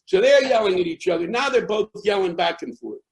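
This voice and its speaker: Gravelly older American comedian telling a story. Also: male voice, high voice, lively intonation, a little fast, rough recording. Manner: rambling, with restarts that build into yelling. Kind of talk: storytelling interview.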